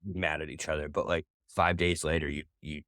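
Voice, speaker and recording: A deep-voiced man co-hosts a casual sports podcast and rambles from point to point, cursing freely and restarting his sentences. His voice is close and dry, with no room sound. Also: level tone, moderate pace, bright, forceful tone, dry recording. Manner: rambling and profane, with many restarts. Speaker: podcast co-host.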